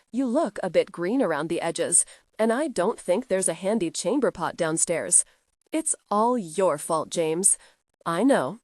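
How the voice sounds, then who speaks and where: Female audiobook narrator, steady mid-pitched voice, close dry studio sound. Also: dry recording. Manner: reads every character in one voice.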